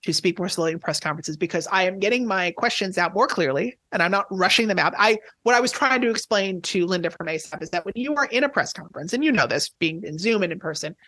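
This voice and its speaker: A man who is a tennis journalist, chatting as a podcast guest, talking quickly and excitably with lots of restarts. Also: high voice, no echo. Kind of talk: casual podcast chat.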